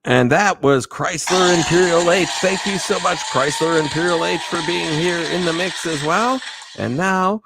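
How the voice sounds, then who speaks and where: A man hosting a live stream, giving rambling, enthusiastic shout-outs to viewers. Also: on the high side, unhurried, creaky, noisy background. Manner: enthusiastic, rambling, repeats himself. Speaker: livestream host. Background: faint music.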